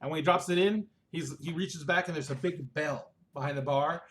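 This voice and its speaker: A man narrating as game master over a video call, easygoing and relaxed. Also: on the high side, normal speed.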